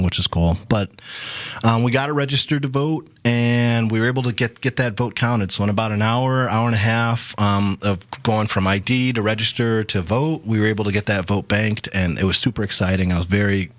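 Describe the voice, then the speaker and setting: A man being interviewed on a talk radio show, telling stories quickly and casually with lots of fillers. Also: lowish voice, fairly bright tone, no room sound. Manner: quick, chatty, many fillers. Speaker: guest, voter ID coalition coordinator.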